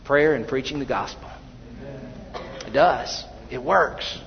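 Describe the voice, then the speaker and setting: A man's voice: mid-range voice, slow, creaky, long reverb tail, lo-fi sound, a little hiss or hum. A man preaching a sermon in a church, talking conversationally, telling personal stories and often restarting his sentences. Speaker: pastor.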